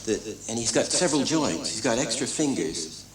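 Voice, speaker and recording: An older man, an animator and director, telling stories in a documentary interview with lively acting-out of quotes and many restarts. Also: mid-range voice, normal speed. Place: animation studio. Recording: echoey room, distant mic, crowd noise.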